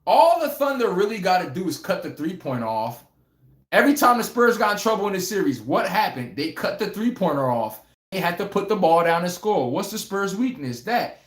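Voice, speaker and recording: A man's voice: high-pitched, a little fast, reverberant. A man hosting a casual live sports stream, joking and laughing as he reads viewer comments. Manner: animated, laughing, joking banter with chat.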